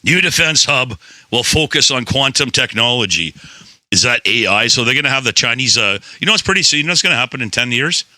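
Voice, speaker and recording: A man's voice: mid-range voice, animated, a little fast, sharp tone, dry recording. A man hosting a podcast in rambling, playful, swearing casual chat. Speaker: podcast host.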